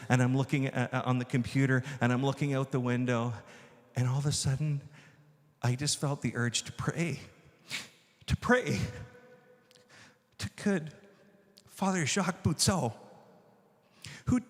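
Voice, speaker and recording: A man, a filmmaker, telling animated stories to an audience and acting out the dialogue. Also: mid-range voice, big-room sound. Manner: enthusiastic, acts out dialogue. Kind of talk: animated storytelling talk.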